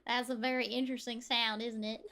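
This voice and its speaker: A woman with a Southern US accent, chatting and giggling on a livestream, with drawn-out vowels. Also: a little high, flat delivery, sharp tone. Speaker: streamer. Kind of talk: casual livestream chat.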